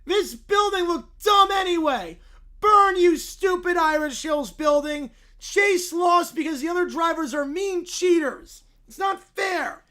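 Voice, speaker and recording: A man voicing a bratty young boy in a furious tantrum, whining, shouting and tearful as he reads a story in character. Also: extremely high pitch, animated, measured pace, pitched above the performer's own voice, full character voice. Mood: whiny tantrum. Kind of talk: reading an AI-written story in character.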